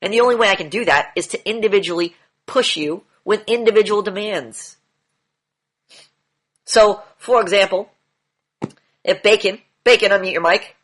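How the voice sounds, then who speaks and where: A man's voice: high-pitched, moderate pace, pauses often, a bit bright. A man coaching a group in an online session, lecturing bluntly, repeating key phrases and swearing now and then. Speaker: demand training coach.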